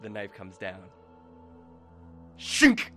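A man's voice: lowish voice, normal speed, music in the background. A man narrating as game master in a tabletop game, dramatic and playful.

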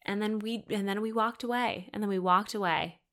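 A woman's voice: mid-range voice, brisk, a bit bright. A young woman hosting a podcast alone, candidly retelling a personal story with lots of quoted dialogue and swearing. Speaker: podcast host. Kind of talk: solo storytelling chat.

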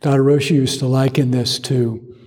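A male Zen teacher giving a dharma talk, telling stories in a measured way with pauses. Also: medium pitch, little pitch movement, a little mellow, husky. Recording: long hall reverb.

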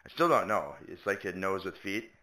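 A man's voice: sits low, animated, moderate pace, pushed and bright. A man co-hosting a podcast in casual chat, rambling and joking, often trailing off mid-thought. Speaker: podcast co-host.

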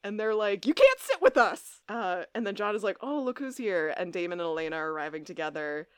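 A woman's voice: fairly low pitch, fast talker, clean tone, no room sound, clean studio sound. A young adult woman co-hosting a podcast, recapping an episode in casual chat and acting out the characters' lines as she goes. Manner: animated, acts out characters' lines while recapping. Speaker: podcast co-host.

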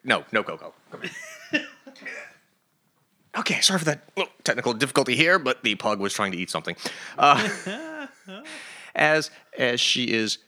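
A man's voice: mid-range voice, wildly swooping pitch, moderate pace, pauses often, bright, forceful tone. A man hosting a casual comics news podcast, upbeat and chatty, laughing often. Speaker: podcast host.

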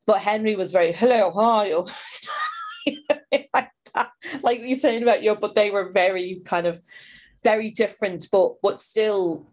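A middle-aged woman with a Dublin Irish accent, touched by Liverpool, chatting as an interview guest and telling lively anecdotes with many restarts. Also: mid-range voice, normal speed. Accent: Dublin Irish with a Liverpool tinge. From born in England, raised in Dublin. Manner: animated, acts out voices in her anecdotes, frequent restarts. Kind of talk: conversational storytelling.

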